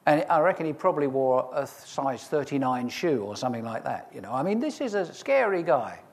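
A man preaching a sermon, reading scripture and retelling it in a lively, humorous storytelling way with asides to the listeners. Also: mid-range voice, fairly quick.

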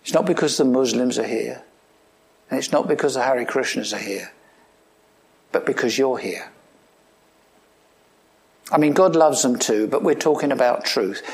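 Preaching as if chatting, this pastor quizzes his congregation, slips in dry jokes, and now and then bursts into emphatic lines. His delivery moves back and forth from rising emphasis to hushed asides.

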